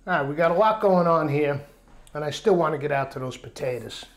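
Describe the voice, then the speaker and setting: A middle-aged man from Long Island hosting a cooking vlog, telling a rambling, animated story in a casual chat. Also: a little high, a little fast, no echo.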